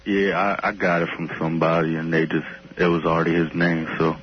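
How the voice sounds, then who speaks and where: A man's voice: deep voice, flat delivery, fairly quick. A man calling into a radio show, laid-back and slangy. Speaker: radio caller. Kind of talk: casual phone call. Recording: dull lo-fi radio phone call.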